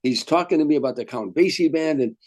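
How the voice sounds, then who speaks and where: An older man, a veteran comedian, telling lively anecdotes in an interview and acting out the voices of people in his stories. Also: a little high, quick pace. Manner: animated storyteller, acts out quotes. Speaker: guest comedian. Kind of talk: storytelling interview.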